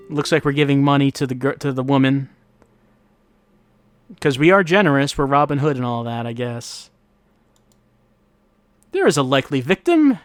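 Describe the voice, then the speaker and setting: With no echo on the recording, a man with a mid-range voice hosts a let's-play, offering wry, musing commentary as he thinks aloud. Game music plays faintly in the background.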